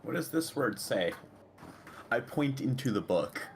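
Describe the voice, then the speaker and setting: A man's voice: medium pitch, big pitch swings, measured pace, vocal fry, slight background noise. A man playing in a tabletop game, speaking in a playful, joking way. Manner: playful, joking, laughs between lines. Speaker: player. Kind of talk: casual tabletop game play.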